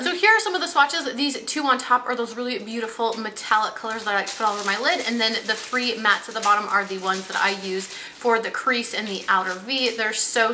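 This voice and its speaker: Young woman vlogger, upbeat and gushy, crisp bright tone, faint background noise. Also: fairly high pitch, low-quality recording. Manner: upbeat, gushing, talks straight to viewers. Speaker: beauty vlogger. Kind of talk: casual makeup favorites chat. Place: home room with toddler nearby.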